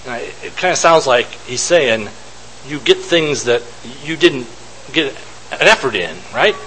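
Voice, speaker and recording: A man teaches scripture in a bright, clear voice that rises and falls a lot. He thinks aloud as he goes and asks his listeners rhetorical questions. A faint hiss sits under the recording. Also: mid-range voice, lively intonation, unhurried, poor audio. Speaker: Bible teacher. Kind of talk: informal Bible teaching.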